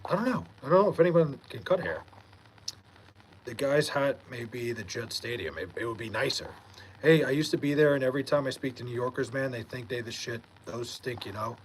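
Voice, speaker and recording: Young man from New York, live-stream host, mid-pitched, easygoing and foul-mouthed, faint background hum. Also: fairly quick, poor audio. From Long Island, New York. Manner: reads viewer messages aloud, laid-back, swears freely. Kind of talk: casual live-stream chat Q&A.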